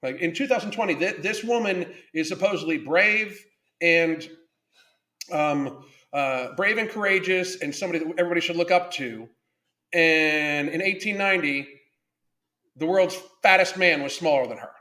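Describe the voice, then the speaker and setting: A man with a slightly high voice hosts a livestream, talking in a loud, blunt rant. He swears in nearly every sentence and stays excitable throughout, breaking off now and then to read viewer comments aloud. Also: moderate pace. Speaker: livestream podcast host. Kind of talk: profane ranting livestream monologue.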